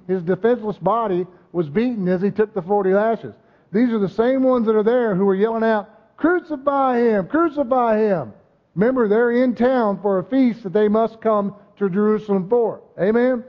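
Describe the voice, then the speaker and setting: High-voiced preacher in an echoing hall. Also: male voice. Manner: emphatic, calls out "Amen?" and "right?" to the congregation. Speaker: pastor. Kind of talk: sermon. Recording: dull muffled sound with long hall reverb.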